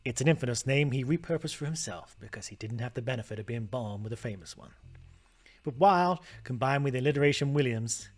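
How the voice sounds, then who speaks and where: A man's voice: mid-range voice, animated, a little fast, soft background music, natural voice. A man reading out a glamorous 1950s woman star's magazine interview in a put-on accent. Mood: proud.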